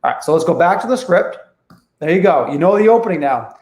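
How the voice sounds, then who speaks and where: A man's voice: sits high, animated, fast talker, a little mellow, echoey room. A man coaching sales calls in an online training talk, emphatic, often checking in with his listeners. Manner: emphatic, keeps checking in with "okay?". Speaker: real estate investing coach.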